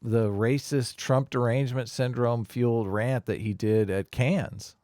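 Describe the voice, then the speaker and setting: A man's voice: mid-range voice, steady tone, unhurried, warm tone, no room sound, clean studio sound. A man co-hosting a casual livestream chat in a wry, provocative way, chuckling as he talks. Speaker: livestream co-host and video maker.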